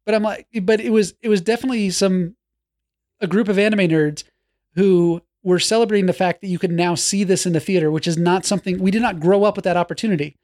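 A man in his forties co-hosting a podcast, chatty and animated, with restarts and playful jabs. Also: high-pitched, fast. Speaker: podcast co-host. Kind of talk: casual chat.

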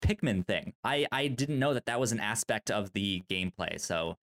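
A man hosting a video game podcast, relaxed and steering the casual conversation. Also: fairly low pitch, moderate pace. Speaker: podcast host. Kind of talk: casual chat.

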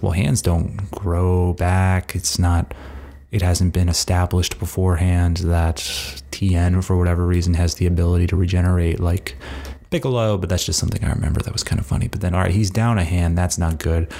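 A young man with a very low, gravelly voice tells a story in a loose, rambling way. His talk is crude and joking, and he fills it with "like" and restarts as he goes. He sounds like a casual comedy host riffing. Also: a little mellow. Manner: rambling and crude, heavy with "like" fillers.

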